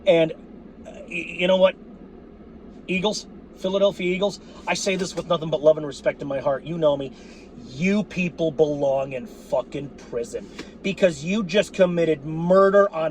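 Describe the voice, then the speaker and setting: A man ranting as a sports fan vlogger, cursing freely and breaking into shouts, his voice going hoarse. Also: a little high, moderate pace, slight background noise. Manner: fired-up, cursing, shouting outbursts. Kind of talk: profane fan rant.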